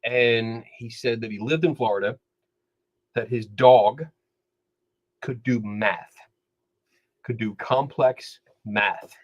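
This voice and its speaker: A man's voice: mid-range voice, takes it slowly, pauses often, highs cut off. A man, a skeptical investigator, chatting casually on a podcast and acting out the people he quotes. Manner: animated storyteller, acts out quoted dialogue. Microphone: studio microphone.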